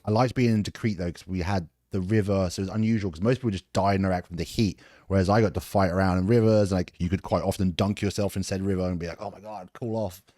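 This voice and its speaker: A British man in his forties, a guest on a podcast, telling stories about his army years in a relaxed way. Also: low-pitched, quick pace, hardly any pauses, no room sound, studio quality. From England. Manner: laid-back storytelling, swears and laughs a lot. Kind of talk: casual interview.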